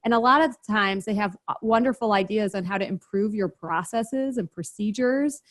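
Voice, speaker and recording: A woman guest on a podcast, explaining her business practices in a brisk, practical, step-by-step way. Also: mid-range voice. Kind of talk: interview, explaining.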